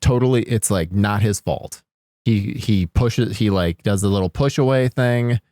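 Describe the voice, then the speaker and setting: A man's voice: fairly low pitch, measured pace, mellow, no room sound, clean studio sound. A man co-hosting a podcast, rambling casually and acting out lines from scenes. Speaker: podcast co-host. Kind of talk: casual chat.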